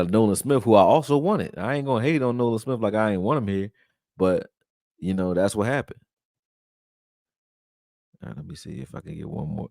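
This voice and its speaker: A man with a fairly low voice hosts a live sports stream and chats in a loose, way, now and then reading viewer comments aloud. The sound is dry and close, with no room around it. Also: creaky, a little mellow, no echo. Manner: loose, conversational, reads viewer chat aloud. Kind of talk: casual live-stream film breakdown.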